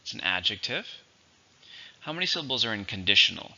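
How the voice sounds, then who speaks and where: Gravelly-voiced man teaching vocabulary. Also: on the low side, big pitch swings, bright, forceful tone, muffled recording. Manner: methodical, repeats words slowly for syllables and stress. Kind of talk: vocabulary lesson.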